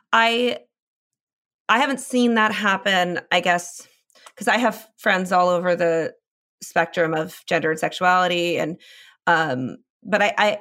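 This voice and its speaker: A woman's voice: medium pitch, a bit bright. A woman hosting a casual podcast conversation, easygoing and supportive toward her guest. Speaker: podcast host.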